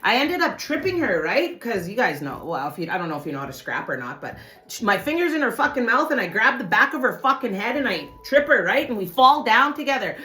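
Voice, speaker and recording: A woman telling a personal story to her viewers in casual talk, swearing often and swinging from low muttering to loud outbursts. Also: very animated, fairly quick, few pauses.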